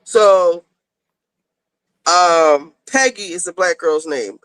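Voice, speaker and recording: A woman's voice: on the low side, extremely slow, a bit bright, clear, resonant tone, dry recording, poor audio. A woman hosting a casual talk show, rambling as she retells a TV episode and acts out the characters' lines. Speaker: podcast host.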